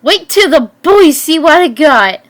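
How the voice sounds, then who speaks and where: A woman voicing a greedy, scheming man who runs dog fights, loud and excited, in an amateur story reading where she stumbles over words. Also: high-pitched, measured pace, voice pushed up.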